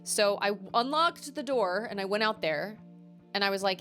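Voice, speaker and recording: A young adult woman, a live streamer, telling stories in a chatty, animated way with quick asides. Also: medium pitch, faint music behind. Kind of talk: casual storytelling on a live game stream.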